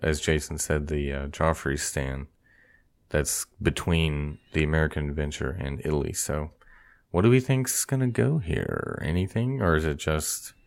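A man's voice: extremely low pitch, expressive, normal speed, gravelly. A man co-hosting a casual theme-park podcast, thinking aloud with fillers and laughing easily. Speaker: podcast co-host. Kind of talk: casual chat.

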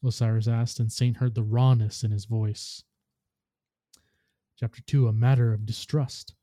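Man, podcast host, reading a story, very dark voice, dry close sound. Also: medium pitch, flat delivery, measured pace, no room sound.

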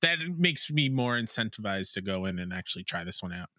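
A man with a bright, lively voice that swoops up and down chats on a podcast. He is playful and giggly. The sound is dry and close. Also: low voice, brisk, no room sound. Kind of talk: casual chat.

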